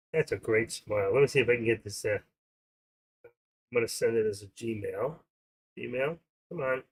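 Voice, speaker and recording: A man's voice: medium pitch, a little slow, long pauses, slightly rough. An older man hosting a trading livestream, chatting in a casual, rambling, jokey way.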